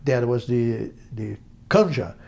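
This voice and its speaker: Pria tua, aksen Brasil, suara serak, bercerita dengan bersemangat dan terputus-putus. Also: male voice, medium pitch, gravelly. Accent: Brazilian. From Brazil. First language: Portuguese. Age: older. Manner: animated, halting, acts out voices in quotes. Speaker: interview guest, musician. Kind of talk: storytelling interview.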